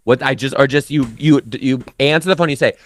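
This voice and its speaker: A former teacher, a man guesting on a casual podcast, emphatic and profane, jumping high in pitch when he quotes himself. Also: fairly even intonation, brisk, no echo. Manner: emphatic, swears freely, big pitch jumps when quoting.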